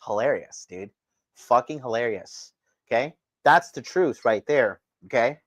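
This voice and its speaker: A dating coach hosts a livestream from indoors in Japan, reading the chat while he rants bluntly and profanely. His mid-range voice is animated but a little slow, recorded with no room sound.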